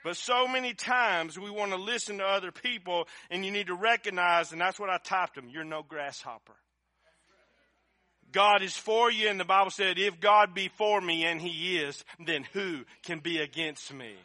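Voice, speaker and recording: Male pastor, middle-aged, high bright voice, fervent sermon delivery, dry recording. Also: moderate pace, no room sound. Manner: impassioned, swells to shouting.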